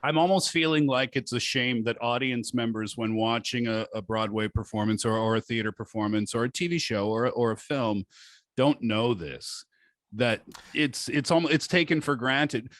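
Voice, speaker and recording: A man's voice: medium pitch, moderate pace, fairly bright tone, no room sound. Curious male podcast host. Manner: curious, interested asker, many short replies. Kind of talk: casual interview talk.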